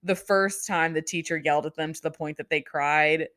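A woman's voice: low-pitched, steady tone, moderate pace, fairly bright tone. A young woman co-hosting a podcast, mostly giving short agreeing replies in casual chat. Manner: brief agreeing replies, easygoing. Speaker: podcast co-host.

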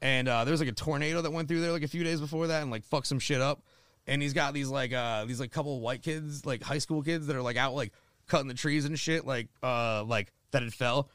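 A man's voice: mid-range voice, brisk, a bit bright, smooth, no room sound, clean studio sound. A young man from Florida, telling a rambling, profane story in casual chat, full of "like" and swearing. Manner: rambling, heavy filler "like", swears a lot.

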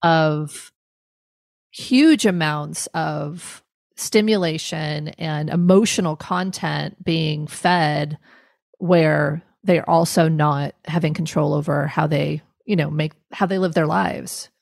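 A woman's voice: low-pitched, steady tone, takes it slowly, creaky, a little mellow, dry recording, clean studio sound. A woman in her forties, a therapist, talking thoughtfully in a podcast conversation, often searching for words and restarting.

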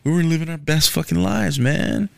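Ranting, profane man with a gravelly voice. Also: on the high side, normal speed, no echo. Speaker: podcast host. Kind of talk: casual solo podcast rant. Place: Houston.

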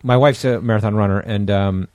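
Fast-talking, profane male podcast co-host. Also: lowish voice, fairly even intonation, a little mellow, dry recording, clean studio sound. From Connecticut. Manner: fast, profane anecdote telling. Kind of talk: casual podcast chat.

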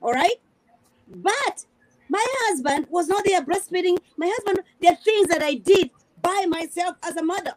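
Earnest high-voiced woman. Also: normal speed, dry recording, rough recording. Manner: earnest, repeats words while searching for them. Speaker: review panelist. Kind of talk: casual panel discussion.

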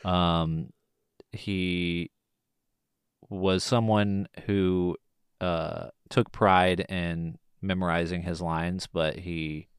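A man co-hosting a podcast, chatting about a film in a relaxed way with many ums. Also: low voice, clear, resonant tone, no echo, clean studio sound. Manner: relaxed, drawn-out delivery with frequent ums. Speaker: podcast co-host. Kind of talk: casual film-review chat.

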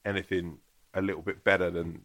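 A man with a low voice and a bright, forceful tone tells a rambling anecdote in casual chat. He swears freely and acts out the scenes as he goes. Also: fairly quick. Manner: animated storyteller, swears a lot. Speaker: guest, actor and comedian.

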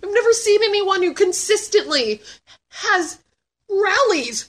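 A woman in her thirties, chatting casually as a guest and answering questions with lots of laughing, swearing and sudden shouts. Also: very high-pitched, sing-song, unhurried. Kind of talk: casual chat.

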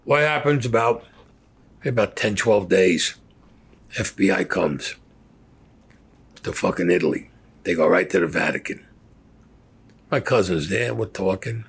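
A rough, husky older man with a somewhat low voice, telling a long story. He is blunt and profane, cursing in nearly every line and acting out what others said. The delivery is casual storytelling. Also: lively intonation, measured pace, pauses often. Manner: blunt, swears constantly, acts out quotes. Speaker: interviewee.

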